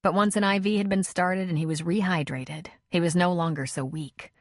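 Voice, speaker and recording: Low-voiced woman narrating an audiobook. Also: steady tone, moderate pace, no room sound, studio quality. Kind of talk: scripted narration.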